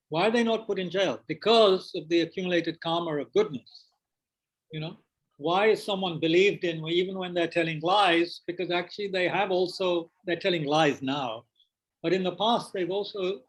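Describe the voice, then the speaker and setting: A man's voice: on the high side, rough recording. A man leading a meditation class and taking questions, hesitant, with many fillers and restarts. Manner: speaking with mouth full of biscuits. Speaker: meditation teacher. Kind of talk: teaching a dharma class with questions. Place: meditation centre.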